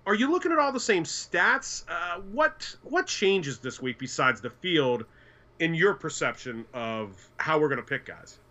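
A man's voice: fairly high pitch, very animated, unhurried, pushed and bright. A man co-hosting a casual sports podcast, who tells stories and acts out the voices of the people he quotes. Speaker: podcast co-host.

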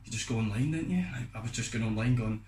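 A man's voice: medium pitch, fast talker. A young Scottish man, co-hosting a podcast, telling a long rambling story in a loose, casual way. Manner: rambling, loose, fond of "do you know what I mean". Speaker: podcast co-host. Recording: echoey room with faint noise.

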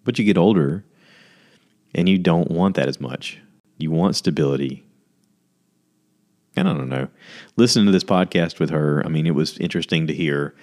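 Man, very deep voice, chatty solo podcast host, acts out quotes in goofy high voices. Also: normal speed, long pauses, darkish tone. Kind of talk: casual solo podcast monologue.

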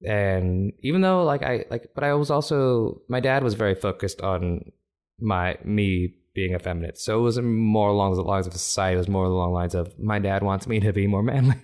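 Male guest, comedian from Africa, low voice, lively and quick to laugh. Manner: animated, laughs often, many restarts. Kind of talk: casual conversation.

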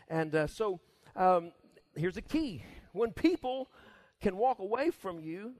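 A middle-aged man preaching a casual sermon as pastor, folksy and quick to laugh, acting out little voices. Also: high-pitched. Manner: laughs often, folksy and animated, acts out voices.

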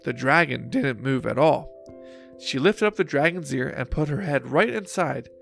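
A man reading a children's storybook aloud, slow and expressive, over soft guitar music. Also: mid-range voice, gravelly. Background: faint guitar music.

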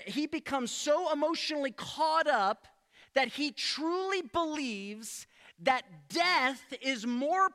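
A male pastor preaching a sermon in an animated way, with rhetorical questions and frequent restarts. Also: high-pitched, big-room sound. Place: church sanctuary.

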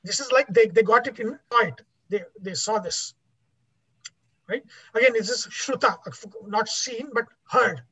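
High-voiced man teaching a class. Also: measured pace, sharp tone, breathy edge. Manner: repeats and restarts words, asks "right?" often. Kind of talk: explanatory class lecture. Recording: dull lo-fi recording.

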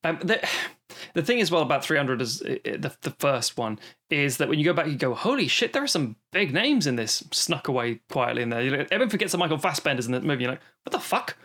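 A man's voice: on the high side, big pitch swings, fast, a bit bright. Wry sweary man discussing films. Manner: wry, sweary, many ums. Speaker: podcast co-host. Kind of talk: casual film review chat.

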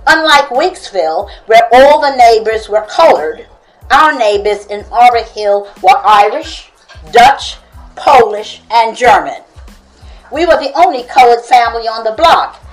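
A woman reads her own book aloud, stopping to add commentary and chuckling often between lines. Her pace is slow and her voice sits slightly high, with faint music in the background. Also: low-quality recording. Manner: chuckles often while reading.

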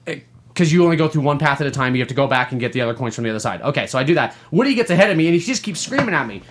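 A man's voice: fairly high pitch, racing, noisy background. A man co-hosting a gaming podcast, telling stories in a casual, profane way and laughing often. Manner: profane, laughing, animated storytelling. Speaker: podcast co-host.

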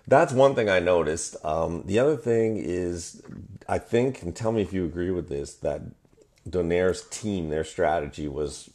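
A man's voice: sits low, measured pace, darkish tone. A man co-hosting a casual sports talk show, analytical and agreeable, explaining fights step by step. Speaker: podcast co-host.

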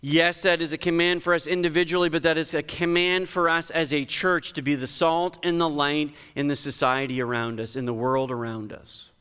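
Male pastor, smooth resonant voice, emphatic sermon delivery, long church reverb. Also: steady tone, normal speed, few pauses, pushed and bright. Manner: emphatic, conversational preaching with sudden lifts in pitch. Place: church sanctuary.

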